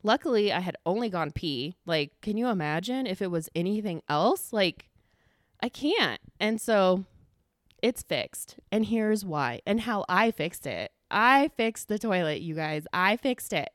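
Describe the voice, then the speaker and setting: A woman hosts her own podcast in a loose, chatty way, rattling on so fast she runs short of breath. Her voice sits at an ordinary middle pitch, and the recording is dry and close with no room sound. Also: expressive, no room sound. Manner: talks fast without pausing for breath, gets winded; chatty, swears casually, heavy use of "like". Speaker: podcast host. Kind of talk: casual solo podcast chat.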